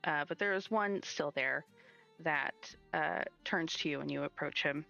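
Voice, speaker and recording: A woman's voice: low-pitched, measured pace, vocal fry, sharp tone, lo-fi sound, faint music behind. A woman running a tabletop game as game master, narrating with lots of fillers and frequent laughs. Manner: laughs often, many fillers. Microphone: streaming mic.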